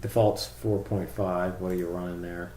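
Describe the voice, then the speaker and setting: Brief: deep-voiced man, gravelly, loose rambling tutorial delivery, roomy recording. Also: level tone, normal speed, mellow, a little hiss or hum. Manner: rambling, thinking aloud with fillers. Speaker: drone tuning reviewer. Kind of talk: casual screen-share tutorial.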